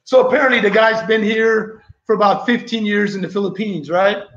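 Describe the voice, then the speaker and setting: A man's voice: sits high, fairly quick, fairly bright tone. A man hosting a vlog, telling a rambling story to his viewers in a casual, chatty way. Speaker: vlogger host. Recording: echoey, slightly dull recording.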